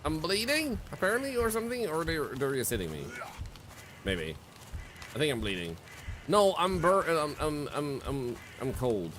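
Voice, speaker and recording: A man streaming a game, giving an excitable, jokey running commentary with frequent swearing. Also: a little high, normal speed, slight background noise. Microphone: streaming mic.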